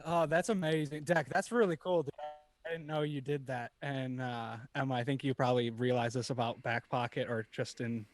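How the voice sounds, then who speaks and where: A man's voice: medium pitch, steady tone, moderate pace. A young man co-hosting a podcast, talking in a laid-back, casual way. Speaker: podcast co-host. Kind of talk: casual chat.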